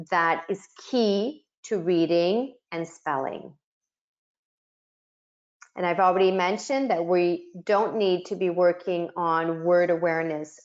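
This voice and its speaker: A woman's voice: on the low side, a little mellow. Middle-aged woman running a webinar, sounds out words as she explains, kinda muffled lo-fi sound. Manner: explanatory, models speech sounds aloud. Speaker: webinar facilitator. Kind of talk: instructional webinar presentation.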